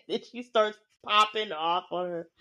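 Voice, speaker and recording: Female podcast host, lowish pitch, loose recap style, profane and animated in her retelling. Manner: chatty, swearing freely, acting out quotes. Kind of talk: casual recap chat.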